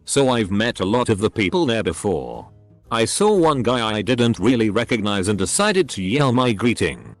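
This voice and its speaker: A man narrating online stories aloud, reading punctuation and acronyms out letter by letter. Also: on the low side. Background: faint background music.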